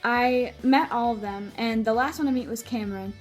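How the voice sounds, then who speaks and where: Brief: young female vlogger, high voice, excited rambling storyteller, faint music under. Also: normal speed. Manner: gushing, many filler "like"s. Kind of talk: casual storytelling vlog.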